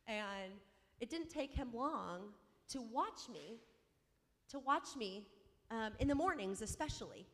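A mother telling a personal faith story in an animated, self-mocking way, acting out the dialogue. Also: fairly high pitch, takes it slowly, pauses often. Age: adult mother. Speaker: speaker sharing a faith story. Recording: long hall reverb.

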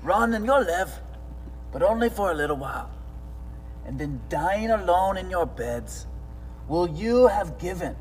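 A pastor putting on a comic fake Scottish accent, playing a mock-heroic warrior in a home video. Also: male voice, high voice, husky, big-room sound, voice pushed up, heavily acted, low-quality recording. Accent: put-on Scottish. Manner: mock-heroic, theatrical, whispering then shouting.

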